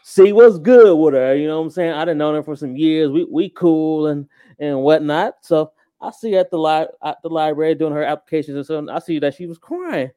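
A man's voice: a little high, fairly quick, warm tone, clear, resonant tone, no room sound. Rambling man telling a story. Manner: rambling, many restarts and fillers. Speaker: podcast co-host. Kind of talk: casual storytelling.

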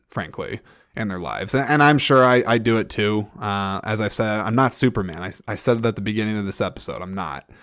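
A man's voice: lowish voice, no room sound, studio quality. A man hosting a solo film podcast, talking in an earnest, rambling way with frequent restarts and fillers. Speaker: podcast host.

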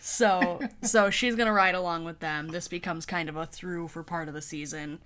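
Wry low-voiced woman recapping a show. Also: normal speed. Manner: animated, wry, acts out characters' lines. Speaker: podcast co-host. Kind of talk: casual episode recap chat.

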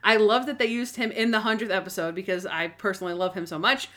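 A woman's voice: medium pitch, fairly even intonation, fast talker, pushed and bright. A woman co-hosting a casual podcast chat, talking with emphatic enthusiasm. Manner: enthusiastic, emphatic, retells scenes. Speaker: podcast co-host.

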